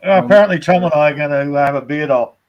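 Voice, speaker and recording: A man's voice: fast, highs cut off. A man in casual chat, blunt and jokey. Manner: blunt, jokey, mimics others in high voices.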